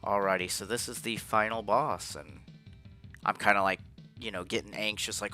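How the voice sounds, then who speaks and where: A man's voice: lowish voice, fairly even intonation, moderate pace, bright, forceful tone. A man giving casual, rambling commentary over his own gameplay footage, frustrated and swearing often. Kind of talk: casual post-game commentary. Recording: faint game music behind.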